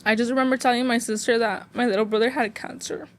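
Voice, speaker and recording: A woman's voice: on the high side, fairly even intonation, fast. A young woman from Phoenix, a guest sharing a painful personal story in a rambling, emotional way, full of "like" fillers. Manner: emotional, close to tears.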